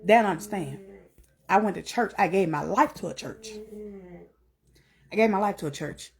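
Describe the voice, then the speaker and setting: A middle-aged woman giving an earnest spoken testimony, repeating herself and climbing to high emphatic peaks. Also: normal speed, vocal fry.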